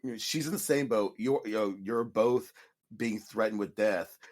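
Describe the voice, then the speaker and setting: A man's voice: fairly low pitch, moderate pace, a little mellow. A man co-hosting a podcast in casual chat, laughing often and mocking characters with quoted lines. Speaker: podcast co-host.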